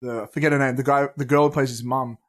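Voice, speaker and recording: A man's voice: mid-range voice, steady tone, quick pace. A man co-hosting a movie podcast in casual chat, rambling and swearing freely as he tells stories. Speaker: podcast co-host.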